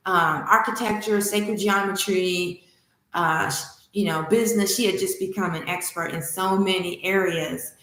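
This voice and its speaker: A woman hosting a spiritual livestream, teaching and telling a myth with enthusiastic, animated delivery. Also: fairly low pitch, slight background noise. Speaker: spiritual study host. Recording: echoey room.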